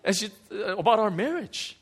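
A man's voice: sits high, animated, normal speed, breathy edge. A man gives a sermon in a slightly raised voice, telling a story about himself with candid self-mockery. He keeps restarting his sentences and fills gaps with "you know" and "um". The delivery is a pastor's testimony from the pulpit.

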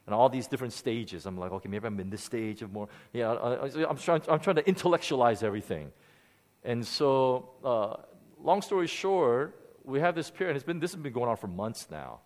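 A man's voice: medium pitch, a little fast. Candid pastor telling his story. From Korea. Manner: candid storytelling with lively swings. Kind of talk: sermon.

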